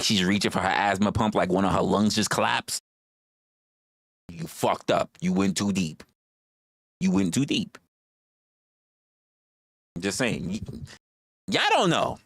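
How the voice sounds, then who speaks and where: A man's voice: low-pitched, measured pace, vocal fry, long pauses, fairly bright tone, dry recording, studio quality. A man hosting a livestream, talking casually in a rambling, profane way and repeating his phrases. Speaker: livestream host.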